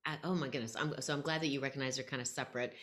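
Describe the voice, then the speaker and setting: Middle-aged teacher lady, super low voice, chatty and lively in an interview. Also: racing. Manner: animated storytelling, acts out quoted voices. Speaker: guest, educator. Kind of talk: podcast interview conversation.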